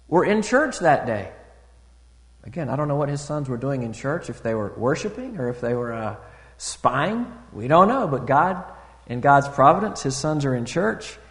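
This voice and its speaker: A man preaching a sermon in a relaxed, conversational way, full of fillers and restarts, rising loud and high to stress a point and dropping quiet for asides. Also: long reverb tail. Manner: rises loud and high for emphasis, drops soft for asides. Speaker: pastor.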